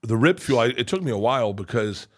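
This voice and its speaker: A middle-aged man, a comedian on a podcast, rattles through a rambling funny story quickly in a medium-pitched voice. He's animated, swears without restraint, and imitates the people he describes.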